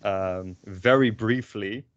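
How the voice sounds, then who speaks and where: Young guy teaching online, lowish voice, lots of ums, dry jokes, kinda muffled call audio. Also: takes it slowly. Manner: wry, hesitant, many ums and uhs. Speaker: language teacher. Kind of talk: online class explanation. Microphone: video call.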